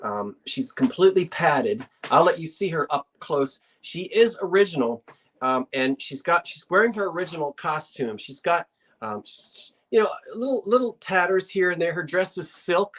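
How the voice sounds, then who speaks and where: Woman, live sale host, chatty and rambling, lively up-and-down pitch. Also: normal speed. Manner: chatty, rambling, full of asides. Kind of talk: casual live auction chat.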